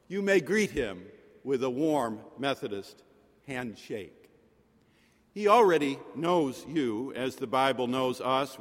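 A man preaching a sermon in a rhetorical manner, with dramatic pauses and soft drops in his voice. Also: mid-range voice. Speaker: pastor. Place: chapel. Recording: long reverb of a chapel.

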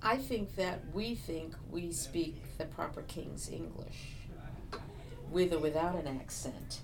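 Interview guest: older woman with a Boston accent, very low gravelly voice, noisy rumbling recording. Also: slow pace. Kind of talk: conversational interview.

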